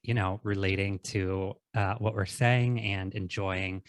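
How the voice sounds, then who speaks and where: A man in his forties hosting a podcast, relaxed in casual chat and quick to laugh. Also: deep voice, dry recording. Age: 40s. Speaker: podcast host.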